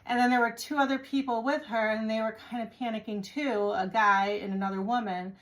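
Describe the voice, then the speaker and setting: A woman's voice: fairly high pitch, steady tone, brisk. A woman vlogger from the United States, chatting to the camera as she retells a travel mishap, exasperated and acting out the people involved. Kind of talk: casual storytelling to camera.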